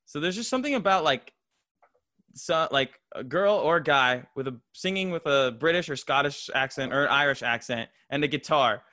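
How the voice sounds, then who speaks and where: A man's voice: fairly high pitch, lively intonation, normal speed, pushed and bright, no room sound, studio quality. A young man from Florida co-hosting a podcast, rambling with lots of fillers in casual chat. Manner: rambling, filler-heavy, laughs often. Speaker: podcast co-host.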